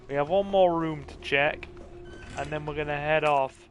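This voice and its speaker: A man's voice: fairly high pitch, normal speed, soft background music. A tired man hosting a let's play, giving chatty, joking gameplay commentary. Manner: joking, chatty, self-deprecating. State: tired, yawning.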